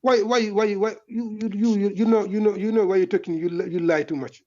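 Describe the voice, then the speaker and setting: Caller, male, high voice, stammering and repetitive, on a dull muffled line. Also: fairly even intonation, dark tone. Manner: halting, repeats words, accusing. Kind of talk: call-in argument. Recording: muffled distant call audio.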